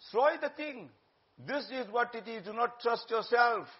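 A man delivers a sermon, urging and exhorting his listeners and slipping into Urdu phrases. His voice sits high for a man. The recording is dull and lo-fi. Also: lively intonation, a little slow. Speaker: preacher.

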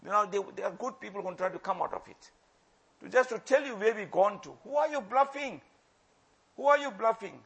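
A man preaching a sermon, impassioned, repeating phrases for emphasis and swinging from loud to hushed. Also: high-pitched, expressive, brisk, gravelly, husky. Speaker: religious preacher.

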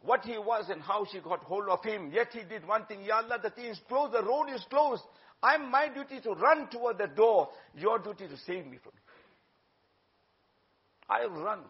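Man preaching, pretty high voice, kinda muffled lo-fi sound. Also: moderate pace. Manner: exhorting, mixes in Urdu phrases. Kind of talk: sermon. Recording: dull lo-fi recording.

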